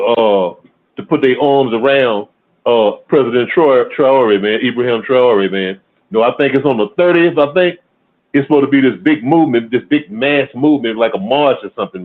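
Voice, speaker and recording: A man on a casual podcast livestream who talks in a laid-back way and keeps ending his phrases with "man". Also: mid-range voice. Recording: tinny phone-line sound.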